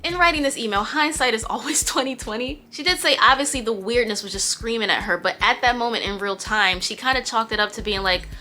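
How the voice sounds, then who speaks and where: A young woman hosting a casual storytime, chatty and joking, with quick asides and laughs. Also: fairly high pitch, bright, forceful tone, faint music behind. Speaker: storytime host.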